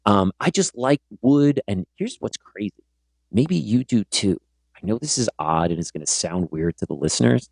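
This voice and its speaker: A middle-aged male podcast host with a gravelly, creaky voice that jumps all over the place as he tells stories. He slips into the voices of the people he quotes. The recording is dry and close, with no room sound. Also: on the low side, normal speed, no room sound. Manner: animated storyteller, acts out quotes. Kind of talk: casual interview chat.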